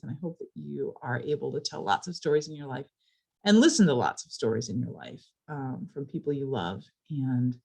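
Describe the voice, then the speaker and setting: A woman from a library telling a personal story in a casual, animated way, building suspense with repeated phrases. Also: lowish voice, vocal fry, husky.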